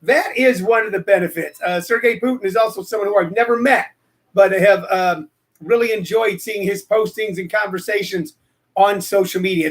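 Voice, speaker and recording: Guy hosting a live comedy stream, kinda high voice, goofy showman, lots of ums. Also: a bit bright. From Missouri, US. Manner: playful showman, rambling with many fillers. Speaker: host.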